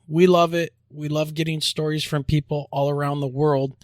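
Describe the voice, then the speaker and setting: A man hosting a podcast, joking around and spelling out web addresses slowly. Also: a little high, level tone, dry recording, studio quality. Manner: upbeat, jokey promo delivery, spells out web addresses slowly. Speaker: podcast host. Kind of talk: casual podcast chat and announcements.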